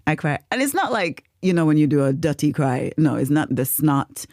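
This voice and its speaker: A woman talks in a relaxed podcast chat, her pitch sitting a little low but swinging widely as she tells a story. She is expressive and quick to laugh. The sound is close and dry, with no room around it. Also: no room sound. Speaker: podcast co-host.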